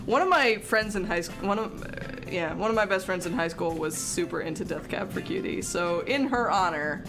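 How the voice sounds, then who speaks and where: A woman's voice: lowish voice, expressive, moderate pace, few pauses. A woman streaming a video game, reading its dialogue aloud and chatting with viewers between lines, often breaking into giggles. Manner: giggly, chatty, reads characters with small voice shifts. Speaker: streamer playing a visual novel. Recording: game music behind the voice. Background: game music.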